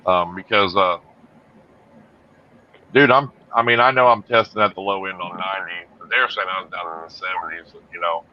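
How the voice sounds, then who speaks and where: A middle-aged man hosting a livestream in casual chat, rambling with many fillers and trailing off quietly. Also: fairly even intonation, fairly quick. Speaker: livestream host. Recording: muffled low-fidelity stream audio with faint hiss.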